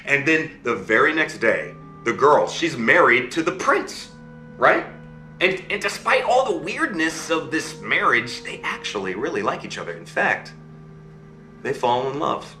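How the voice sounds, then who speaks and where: A man telling a fairy tale in an animated storytelling style, often checking in with his listener. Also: medium pitch, unhurried, roomy sound, soft background music.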